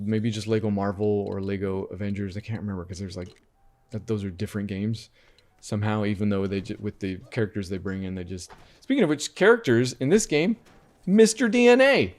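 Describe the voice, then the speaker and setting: A man's voice: lowish voice, a little mellow. A man hosting a casual video game podcast, rambling and often correcting himself as he talks. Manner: rambling, self-correcting, conversational. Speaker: podcast host reviewing video games. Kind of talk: casual chat.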